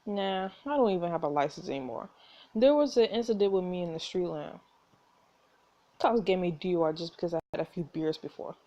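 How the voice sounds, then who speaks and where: A woman's voice: lowish voice, lively intonation, a little fast, warm tone, lightly acted. A woman voicing a defeated, boastful drunk man at a bar who talks in a blustering, defensive way. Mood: sulky.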